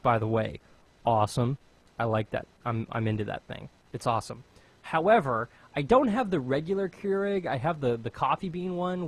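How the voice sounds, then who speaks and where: Chatty joking American podcast host. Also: male voice, medium pitch. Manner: rambling, joking, self-mocking. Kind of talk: casual chat.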